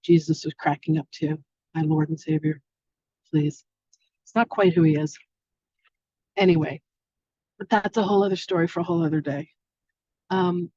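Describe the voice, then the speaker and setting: Female spiritual teacher, live-stream host, mellow tone, dry lo-fi audio. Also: deep voice, breathy edge, no echo. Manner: effusive, affectionate, spiritual. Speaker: spiritual teacher hosting an online masterclass. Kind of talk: casual live-stream chat.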